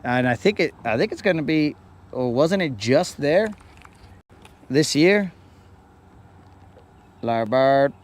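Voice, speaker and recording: This middle-aged man's voice is a little high and expressive, with a measured pace and frequent pauses. He's on a boat on a lake hosting a fishing livestream, casually rambling and joking with viewers.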